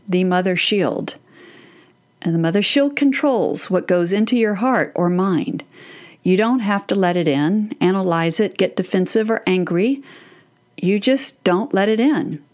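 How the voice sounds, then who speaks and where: Woman in her 50s, parenting advice, earnest, loves a metaphor, mid pitch. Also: unhurried, a little mellow.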